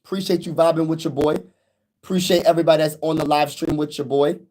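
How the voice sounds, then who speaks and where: A man chats excitedly on a fan livestream, his voice sitting a little high for a man. He repeats his points and calls out to viewers as y'all and bro. The phone he streams from has no mic plugged in, and the audio crackles on his louder notes. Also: fast. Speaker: sports livestream host. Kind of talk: casual fan livestream chat. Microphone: phone with no external mic.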